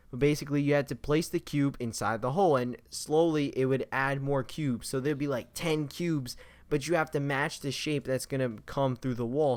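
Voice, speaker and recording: An enthusiastic young man talks through his gaming impressions in a loose, rambling way, full of fillers and restarts. His voice sits at an ordinary middle pitch. The sound is dry and close, with little room echo. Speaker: gaming vlogger.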